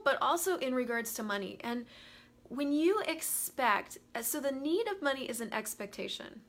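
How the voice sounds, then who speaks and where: A woman hosts a live money-coaching show, talking animatedly while laughing and greeting viewers. Her voice is a little high with a fairly bright tone.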